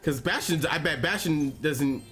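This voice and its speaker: A man hosting a game stream in casual chat, halting and repeating his words, often laughing. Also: on the high side, a bit bright. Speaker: host of gaming stream. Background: faint game music.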